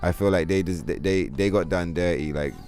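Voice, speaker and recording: Male streamer host, very deep voice, rambling, profane chat. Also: a little fast, faint music behind. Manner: profane, rambling, animated storytelling. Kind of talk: casual livestream chat.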